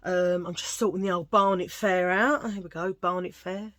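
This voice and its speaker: A woman's voice: on the low side, steady tone, moderate pace, fairly bright tone, no echo. A woman with a Cockney accent, chatting casually to her channel viewers and telling jokey stories full of asides. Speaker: vlogger. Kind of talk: casual chat. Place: at home, sitting under a lamp.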